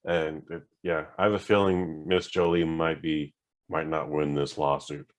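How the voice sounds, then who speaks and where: A man's voice: a bass voice, flat delivery, measured pace. A man co-hosting a podcast, riffing jokes in casual banter with frequent restarts. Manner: jokey, riffing, hesitant restarts. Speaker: podcast co-host.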